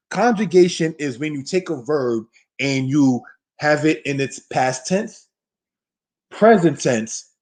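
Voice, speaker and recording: A man from the United States teaching a live online Hebrew class, conversational and calling listeners brothers and sisters, slowing down to stress key words. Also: medium pitch.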